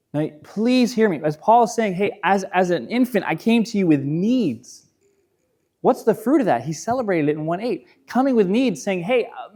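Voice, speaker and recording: Man, high voice, pastor, casual sermon, self-deprecating stories, acted-out quotes. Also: a little mellow.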